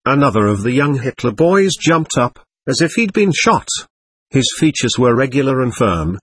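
A man narrating a war novel in the first person, in expressive, measured storytelling. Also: medium pitch, breathy edge, no room sound. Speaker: audiobook narrator.

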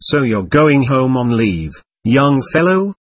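A man's voice: mid-range voice, wildly swooping pitch, unhurried, breathy edge, heavily acted. A man voicing a lazy, middle-aged male soldier who teases and sounds close to laughing. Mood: mocking. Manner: teasing, on the edge of laughter. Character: fiftyish male soldier, lazy, mocking, unhurried.

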